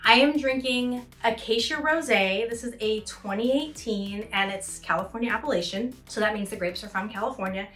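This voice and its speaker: A woman's voice: on the high side, moderate pace, hardly any pauses, a bit bright. A woman author hosting her own show, chatting casually and laughing easily. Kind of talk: casual commentary chat. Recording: echoey room with faint music.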